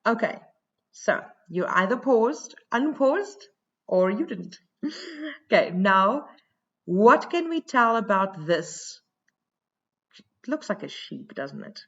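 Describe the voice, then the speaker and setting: A woman teacher talks slowly through a recorded lesson, thinking aloud and filling her pauses with "um". Her voice sits at an ordinary pitch. The sound is a bit dull and lo-fi. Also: very animated. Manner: slow, thinking aloud with many fillers.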